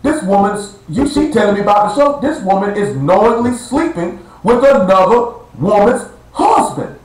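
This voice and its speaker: A man's voice: high-pitched, very animated, moderate pace. A man preaching a blunt, slangy sermon to a small live-streamed gathering, stretching out words for emphasis. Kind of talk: street-style sermon. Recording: echoey live stream room.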